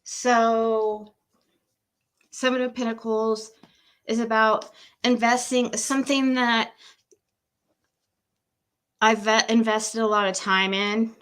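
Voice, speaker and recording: A woman's voice: on the high side, fairly even intonation, takes it slowly, long pauses, fairly bright tone, clean tone. A woman doing a casual tarot-reading livestream at home, emotional and nervous, laughing between readings and talking to her pet.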